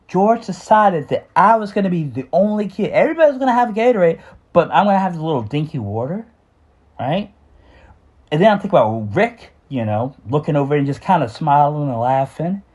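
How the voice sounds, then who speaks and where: A man's voice: sits high, darkish tone. A man telling a candid personal story about his childhood, with frequent restarts and some swearing.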